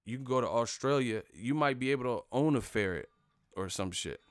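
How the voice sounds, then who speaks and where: A man's voice: mid-range voice, animated, brisk, clear, resonant tone, no echo, clean studio sound. A man hosting a casual live stream about boxing, ranting in a rambling, profane way and laughing at his own jokes. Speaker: boxing commentary host.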